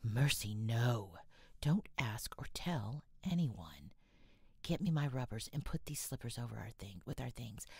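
A woman reading the part of a genteel, tired young woman, often speaking softly and in a whisper. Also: extremely low pitch, lively intonation, brisk, vocal fry, hardly any pauses, slightly rough, dry recording, clean studio sound, heavily acted. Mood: hushed. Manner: soft, frequently whispered delivery.

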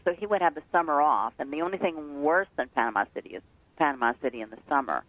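A woman from New Jersey, a guest chef and author, telling stories with lively animation on a radio interview. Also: deep voice, fast, no echo, narrow, tinny audio. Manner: animated storyteller, acts out voices in anecdotes.

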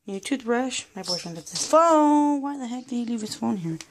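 A woman's voice: fairly high pitch, animated, fairly quick, slight background noise. A young woman chatting casually in a rambling daily vlog, at times frustrated. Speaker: vlogger.

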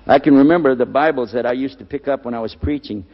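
An older man preaching a lecture, animated, putting questions to the audience and repeating key words. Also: mid-range voice, fast, big-room sound, highs cut off. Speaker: Islamic preacher.

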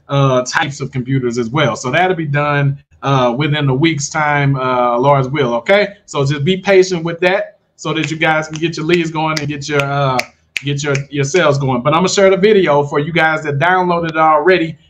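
A man's voice: on the high side, fairly bright tone, poor audio. A man coaching viewers through a screen-share tutorial, casual and upbeat, who keeps calling his audience guys. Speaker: online business coach.

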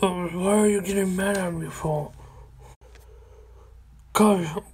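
A woman hosting her own channel in casual video chat, talking in halting, stop-start phrases. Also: lowish voice, steady tone, darkish tone, a little hiss or hum. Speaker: channel host.

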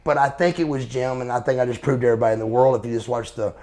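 A man's voice: mid-range voice, fairly even intonation, rapid-fire, darkish tone. A man in his forties, a former pro wrestler being interviewed, telling profane, blunt stories in a casual way. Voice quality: gravelly. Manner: profane, blunt storyteller calling the listener brother.

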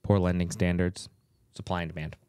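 A man's voice: low voice, little pitch movement, fairly quick, dark tone, smooth. A man co-hosting a casual podcast, laid-back, often chiming in with short agreement. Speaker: podcast co-host. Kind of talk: casual chat.

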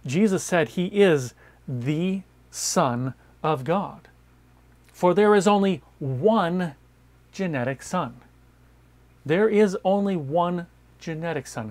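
A man with a fairly high-pitched voice, preaching a Bible sermon. He presses his points hard, says key phrases twice, and drops from strong stresses into soft asides. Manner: emphatic, repeats key phrases, swings between loud stresses and quiet asides. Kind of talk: sermon-style Bible teaching.

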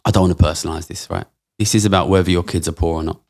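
Blunt, swearing man, low voice. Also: fairly even intonation, very fast, vocal fry, darkish tone. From England. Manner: blunt and passionate, heavy swearing. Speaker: podcast guest. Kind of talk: casual interview talk.

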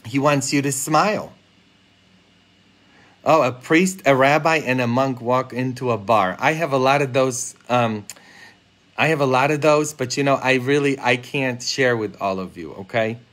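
A man's voice: medium pitch, normal speed, a bit bright. A man, a priest, giving a chatty homily on a live stream, playfully talking straight to viewers and laughing at his own jokes. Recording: live social media stream.

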